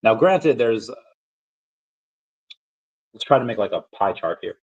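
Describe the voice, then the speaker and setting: On a muffled recording, a crypto collectibles vlogger chats on a casual stream in a low, expressive, unhurried voice. His storytelling wanders, full of restarts and fillers.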